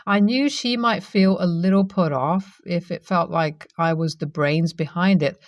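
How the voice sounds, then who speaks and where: A woman's voice: on the low side, unhurried, no room sound, highs cut off. Woman narrating a personal story, dry sound. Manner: steady, even first-person reading.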